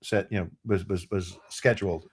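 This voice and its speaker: A man in his fifties from New York City with a somewhat low voice, chatting casually as a podcast co-host. He tells rambling, animated stories and slips into other people's voices as he goes. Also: normal speed, breathy edge. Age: 50s. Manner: animated, rambling storyteller who acts out voices. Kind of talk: casual chat.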